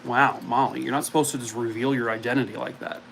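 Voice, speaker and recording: A man's voice: mid-range voice, fairly even intonation, fast, creaky, a bit bright, a little hiss or hum, low-quality recording. A man hosting a casual live stream from home, chatting and cooing at his dog. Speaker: streamer host.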